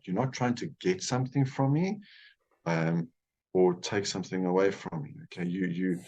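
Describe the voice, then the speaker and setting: A man speaking as a guest, explaining relationships with animated examples. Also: low-pitched, dull audio. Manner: animated, acts out dialogue. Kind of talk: teaching conversation.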